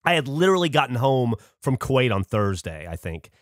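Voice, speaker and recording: A man's voice: mid-range voice, very animated, a little fast, no echo, clean studio sound. Laid-back profane man telling a story. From Alabama. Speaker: podcast co-host. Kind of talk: casual storytelling chat.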